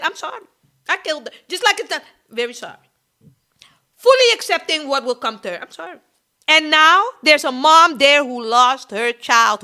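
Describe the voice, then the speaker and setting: A woman hosts a gossip commentary show with a high, bright voice that swoops all over the place. She talks emphatically and addresses her audience directly. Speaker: podcast host.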